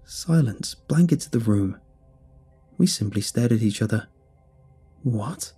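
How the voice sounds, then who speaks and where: Male horror storyteller, deep-ish and husky, measured delivery. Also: animated, warm tone, faint music behind. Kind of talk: scripted first-person horror narration.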